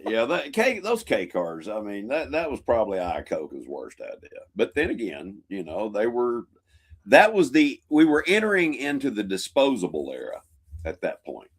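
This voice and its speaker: A man's voice: lowish voice, wildly swooping pitch, moderate pace, breathy edge. A man co-hosting a casual chat show, giving short dry reactions and asides. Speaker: podcast co-host.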